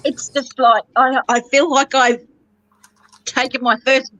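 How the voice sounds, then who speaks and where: A middle-aged woman talks in a tearful, emotional rush, laughing between halting half-sentences. Her voice sits a little high. The sound is dry and close, with no room around it. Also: little pitch movement, a bit bright, dry recording, poor audio. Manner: laughing through tears, halting. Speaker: guest sharing family news. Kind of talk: emotional casual chat.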